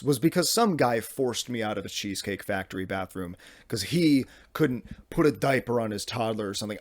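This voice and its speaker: A young man in his twenties with a fairly low voice hosts a podcast, recorded cleanly in a studio with no room sound. In his casual comedic monologue, he rambles exasperatedly, restarting repeatedly and using plenty of profanity.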